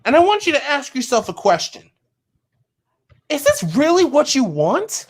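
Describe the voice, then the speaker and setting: A woman's voice: sits high, big pitch swings, normal speed. A woman in a voice chat, speaking in an impassioned, lecturing way and piling up repeated questions. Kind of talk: heated voice chat confrontation.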